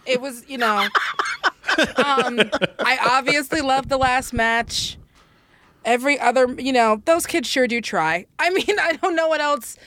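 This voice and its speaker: A woman's voice: sits high, fairly bright tone. A woman co-hosting a wrestling podcast, wry and sardonic, often laughing in casual chat. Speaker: podcast co-host.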